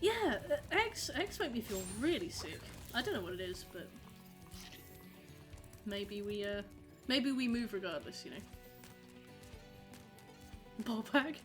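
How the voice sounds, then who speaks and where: A woman's voice: a little high, very animated, measured pace, pauses often, over music. A young woman chatting casually with her viewers while livestreaming a game, rambling and reacting to messages. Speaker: streamer. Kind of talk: casual live-stream chat while gaming.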